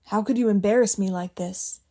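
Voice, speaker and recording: A woman voicing a polite young man who speaks quietly and evenly, with a hint of dry amusement. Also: mid-range voice, lightly acted. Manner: quiet, measured, faintly amused.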